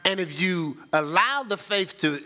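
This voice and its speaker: A man's voice: animated, unhurried, pushed and bright. A man preaching a sermon as pastor, swinging his voice up and down and asking "right?" often, with frequent repeated words. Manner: preaching with sudden rises and drops in pitch, call-and-response "right?"; repeats words when starting phrases.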